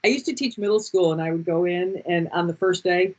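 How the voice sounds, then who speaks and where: A woman telling personal stories in a chatty, animated way on a video call, with dull lo-fi audio. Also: on the low side. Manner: chatty and animated, quick restarts. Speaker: guest speaker. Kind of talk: casual storytelling on a video call.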